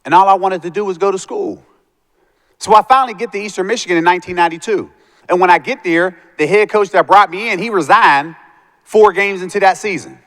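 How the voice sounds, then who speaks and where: Guy giving a pep talk to students, kinda high voice, acts out all the quotes, long hall echo. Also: fairly quick. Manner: animated storytelling, acting out quoted voices. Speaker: motivational speaker. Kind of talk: storytelling speech to students.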